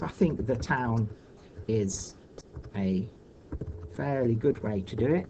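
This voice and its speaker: A man teaching children in a recorded online lesson, thinking aloud patiently with many pauses and fillers. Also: mid-range voice, lively intonation, gravelly, darkish tone, a little hiss or hum, low-quality recording.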